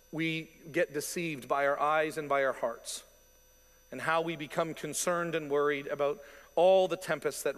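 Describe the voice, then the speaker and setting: A male pastor preaching a sermon in an animated, conversational way, with asides and quoted voices. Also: a little high. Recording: long reverb of a large hall.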